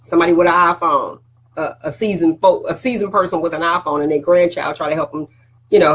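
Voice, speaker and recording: A woman's voice: fairly low pitch, brisk, breathy edge, low-quality recording. A woman hosting a casual motivational talk to her viewers, preachy and conversational, often checking in with "all right?". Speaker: host.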